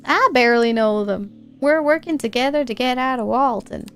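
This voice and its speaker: A woman's voice: high voice, normal speed, smooth, soft background music. A young woman reading the lines of a determined young woman survivor in a firm, matter-of-fact tone. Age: young adult. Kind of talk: reading game dialogue aloud.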